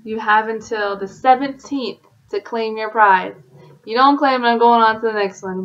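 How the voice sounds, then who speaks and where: A woman's voice: a little high, normal speed, a bit bright, lo-fi sound. A woman, an independent sales consultant, giving her team a casual, encouraging update with lots of fillers. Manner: chatty, encouraging, many fillers.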